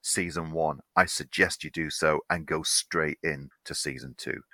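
A man's voice: extremely low pitch, fairly even intonation, a little slow, bright, forceful tone, dry recording. A man co-hosting a film podcast in casual chat, unwell and tired, rambling and laughing at his own slips. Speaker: podcast co-host.

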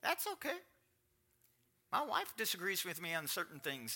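Bright-voiced preaching man. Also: a little high, wildly swooping pitch, normal speed, pauses often. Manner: conversational, swinging to rising emphatic preaching. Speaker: pastor. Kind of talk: sermon.

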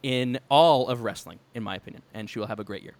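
A man's voice: medium pitch, fast, darkish tone. A man co-hosting a casual podcast, talking with enthusiasm and laughing often. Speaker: podcast co-host. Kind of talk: casual podcast chat about wrestling.

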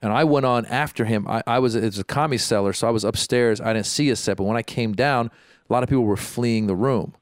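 A man's voice: medium pitch, fast, no room sound, clean studio sound. A man, a stand-up comedian co-hosting a podcast, telling stories in casual chat with frequent restarts. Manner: rambling, storytelling with many restarts.

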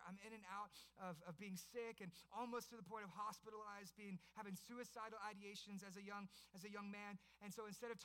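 Bright high-voiced preaching man. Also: smooth. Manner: storytelling, builds to loud passionate preaching. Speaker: pastor. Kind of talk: sermon.

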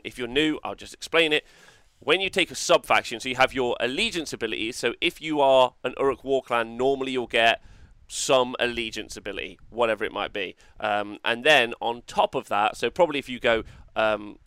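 An excitable man hosts a casual rules review, chatting freely and cursing now and then. His voice is bright and forceful. It sounds close and dry, with no room around it. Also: mid-range voice, clear, resonant tone, dry recording. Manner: excitable, chatty, swears, reacts to viewer comments. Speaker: wargaming show host.

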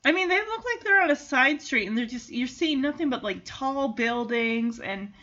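A woman chatting casually in an amused way as she recaps a movie and does quick character voices. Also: high-pitched, animated, bright, forceful tone, dull audio.

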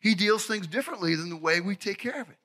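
High, bright-voiced preaching man. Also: expressive, fast. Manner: preaches with shouted emphasis, pitch swinging between high cries and low asides. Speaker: pastor. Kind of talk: sermon.

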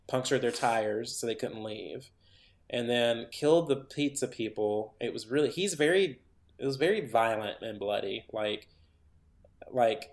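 A man's voice: mid-range voice, darkish tone, echoey room. Rambling man recapping a horror movie. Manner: rambling, filler-heavy, acts out characters' lines. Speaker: podcast co-host.

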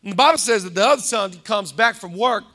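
A man preaching a lively sermon as pastor, joking with the crowd, acting out the people in his story and building to shouted climaxes. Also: sits high, fast. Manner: animated, joking, acts out quoted characters, builds to shouted climaxes. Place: church hall, live congregation.

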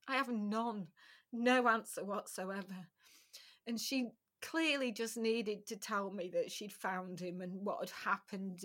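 A middle-aged woman speaks as a podcast guest, telling a personal story with a bright, forceful voice. She talks frankly and emotionally, breaking off and restarting her sentences often and letting the odd swear word slip. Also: a little high. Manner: candid, emotional, with frequent restarts.

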